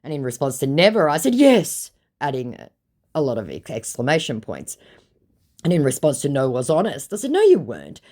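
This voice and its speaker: A woman's voice: a bass voice, sing-song, a little fast, darkish tone. A woman reading out her chat messages with a scammer, in a sarcastic, exasperated manner. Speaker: scambaiter narrating chats.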